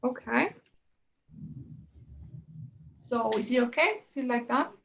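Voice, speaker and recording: A woman's voice: a little high, expressive, slow pace, vocal fry, dull audio. A woman teaching a one-on-one English lesson, explaining in a chatty way and often checking with "right?" and "you know?".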